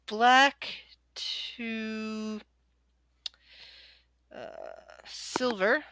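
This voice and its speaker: A woman narrating a tabletop game as game master, describing events with pauses and small self-corrections. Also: medium pitch, animated, pushed and bright, dry recording.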